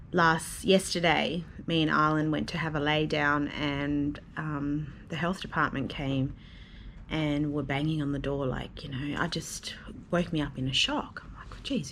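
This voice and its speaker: A woman who is a vlogger and mother chats casually to camera from a hotel room, venting with plenty of fillers. Her voice is deep with a fairly bright tone, picked up by a phone or camera mic with slight background noise.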